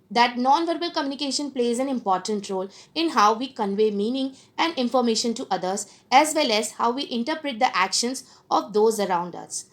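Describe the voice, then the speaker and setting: Slightly high-voiced woman teacher lecturing. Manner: explanatory, repeats points, frequent fillers. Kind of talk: recorded online lecture.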